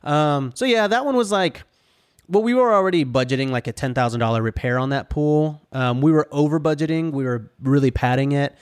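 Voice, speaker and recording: A man chatting casually on a podcast about running vacation rentals, animated and full of "like" and "dude", acting out what people said. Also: fairly high pitch, a little fast, smooth. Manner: animated, says dude and like a lot, acts out quotes. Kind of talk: casual chat, storytelling.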